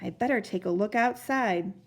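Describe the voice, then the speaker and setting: A woman's voice: medium pitch, moderate pace, close to an everyday voice. A woman voicing a nervous, fretful man who rings the bells, gasping in a storybook reading. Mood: bewildered. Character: fretful nervous male bell ringer.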